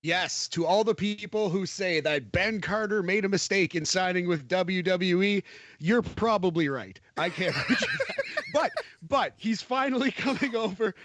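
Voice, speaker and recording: A man's voice: high-pitched, sing-song, unhurried, fairly bright tone. A man co-hosting a podcast, chatting casually about wrestling in a detailed play-by-play way and laughing easily. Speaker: podcast co-host. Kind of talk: casual wrestling review chat.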